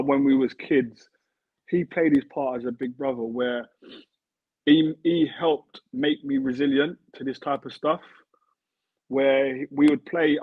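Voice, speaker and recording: The former footballer, a man in his thirties, speaks in a mid-range voice with no echo. In this relaxed interview he's earnest, going over the same ground again as he works toward his point, and the audio comes through a dry, tinny line resembling a phone call.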